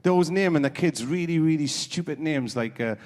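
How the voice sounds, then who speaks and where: A man's voice: fairly high pitch, a little fast, a little mellow, big-room sound. A man doing live stand-up as half of a comedy double act, chatting with the audience between jokes. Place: theatre stage.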